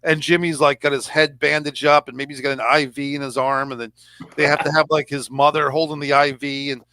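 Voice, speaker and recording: A man's voice: on the high side, fairly even intonation, brisk, bright, forceful tone, dry recording. A man hosting a casual review chat, rambling and sarcastic as he talks things through. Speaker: podcast host.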